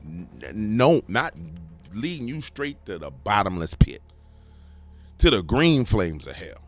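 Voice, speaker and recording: A man's voice: on the low side, very animated, slow, no echo. A man hosting a political commentary show, ranting emphatically with rhetorical questions. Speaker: commentary host.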